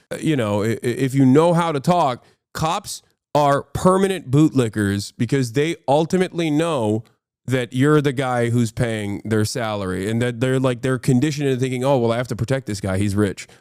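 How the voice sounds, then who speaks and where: A man's voice: mid-range voice, a little mellow, smooth, no echo, clean studio sound. A man in his thirties, a streamer giving casual, opinionated, sarcastic commentary and swearing freely.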